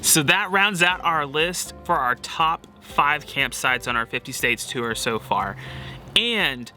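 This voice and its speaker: A man's voice: on the high side, expressive, slow pace, bright, forceful tone, soft background music. A man co-hosting a travel vlog outdoors at a campsite, joking and laughing between lines. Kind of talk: casual vlog chat with bloopers.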